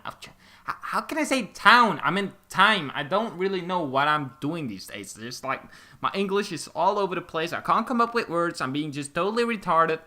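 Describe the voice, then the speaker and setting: A young man with a Belgian Dutch accent rambles through gameplay commentary, restarting sentences and swearing casually. His voice sits a little high and sounds bright and forceful. Faint background noise hums under the recording. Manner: rambling, stumbling over words, swearing casually. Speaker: gaming YouTuber.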